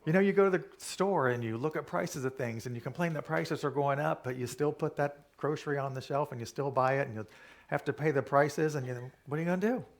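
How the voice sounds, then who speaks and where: A minister giving a sermon in an easygoing, conversational way, often repeating a key phrase. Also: male voice, medium pitch, fairly quick, creaky.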